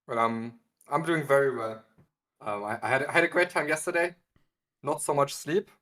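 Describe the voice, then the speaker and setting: A man's voice: medium pitch, moderate pace, pushed and bright. A man co-hosting a casual card-game stream, talking with many ums and repeated words. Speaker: co-host guest. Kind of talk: casual livestream chat.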